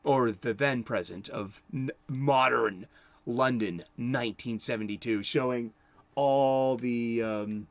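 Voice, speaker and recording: A man's voice: mid-range voice, takes it slowly, no echo. A man giving casual commentary on horror movies, rambling and chuckling, with many restarts.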